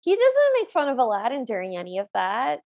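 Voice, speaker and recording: A woman with a high voice co-hosting a podcast. She talks casually and frankly and says plainly what she does not like. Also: huge pitch swings, brisk, creaky, a little mellow. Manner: frank and opinionated, states her dislikes plainly. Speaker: podcast co-host. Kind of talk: casual chat.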